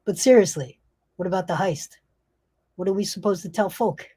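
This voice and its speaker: A woman voicing a loud, blustering male crook who exclaims and teases. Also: medium pitch, normal speed, slightly rough, natural voice. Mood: boisterous. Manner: boisterous, exclaiming.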